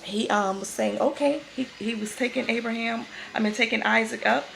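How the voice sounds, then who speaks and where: Gravelly woman talking about faith. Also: on the high side, steady tone, normal speed, fairly bright tone, faint music behind, low-quality recording. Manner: conversational, repeats and restarts phrases. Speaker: vlogger giving a faith talk. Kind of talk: casual spoken devotional.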